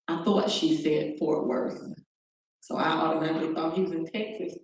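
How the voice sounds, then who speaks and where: Middle-aged woman guest, low dark voice, re-enacts the calls in her own story, recorded from afar in a reverberant room. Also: fairly even intonation, normal speed. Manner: recounts events by acting out quoted phone calls. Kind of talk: personal testimony on a talk show. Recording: very echoey room, distant mic, faint noise.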